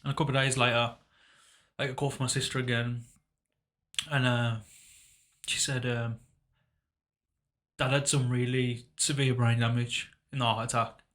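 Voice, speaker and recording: A young man on a podcast, recounting a painful memory in a halting, reflective way, often trailing off quietly. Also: medium pitch, little pitch movement. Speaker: podcast co-host. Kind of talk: casual emotional conversation.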